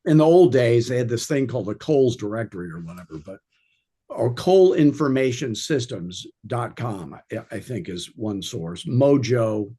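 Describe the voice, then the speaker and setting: A man with a low, mellow, slightly husky voice gives an informal sales training talk. He rambles through anecdotes and drops wry jokes along the way. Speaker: real estate sales coach.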